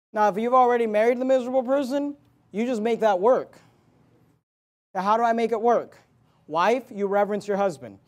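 A man's voice: high-pitched, a little mellow. A man, a pastor, preaching a sermon with emphatic repetitions and joking asides.

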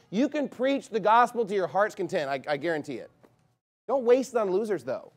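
A man preaching a fiery, scornful sermon as pastor of a church, with sudden loud bursts. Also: high voice, lively intonation, brisk.

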